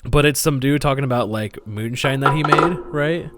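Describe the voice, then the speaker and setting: A man co-hosting a casual podcast, joking around with gamer slang and quick bursts of laughter. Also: medium pitch, heavy background noise. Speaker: podcast co-host.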